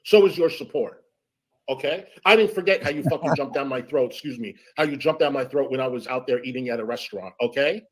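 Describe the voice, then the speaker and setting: A man's voice: mid-range voice, fast talker. A man in a heated casual chat, blunt and scolding, swearing often. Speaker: stream guest.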